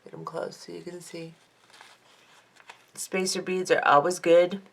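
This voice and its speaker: A jewelry-making vlogger at her home craft table under lamps chats casually while unboxing craft beads, reading out each item and admiring it. Her voice is lowish and steady, and she takes her time.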